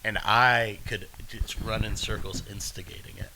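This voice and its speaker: A man's voice: lowish voice, steady tone, moderate pace, creaky, noisy background. A man co-hosting a podcast, rambling in a loose, profane, casual way with frequent laughs. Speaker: podcast co-host. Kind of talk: casual chat.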